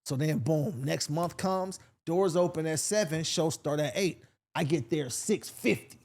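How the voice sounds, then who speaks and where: A male comedian from Sacramento spins a long story in a relaxed podcast chat. His voice sits a bit high for a man, and he jumps into other people's voices as he tells it. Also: measured pace. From Sacramento, California. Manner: animated, acts out voices in his stories. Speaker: comedian guest.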